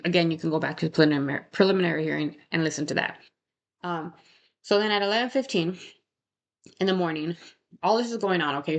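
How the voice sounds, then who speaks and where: A woman narrating a true crime case in a casual, conversational way, often tagging "right?" and adding indignant asides. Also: low-pitched.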